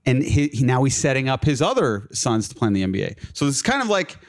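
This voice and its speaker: A man's voice: medium pitch, sing-song, quick pace. A young man telling a long personal story in a casual chat as a guest, full of fillers like "like" and "uh". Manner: rambling, filler-heavy, laughs through his stories.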